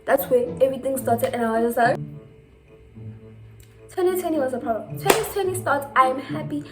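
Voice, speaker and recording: A woman's voice: sits high, animated, fairly quick, music in the background. A teenage girl telling a storytime, chatty and full of "like" fillers. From South Africa. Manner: chatty, filler-heavy retelling with lots of "like". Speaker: vlogger. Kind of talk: casual storytime.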